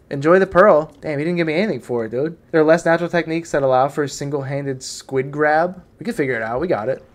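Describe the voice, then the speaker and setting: Young guy streamer, kinda high voice, swings all over the place, chats to the critters and yelps a lot. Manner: excitable, talks to the game creatures, yelps when startled. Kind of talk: live gameplay commentary.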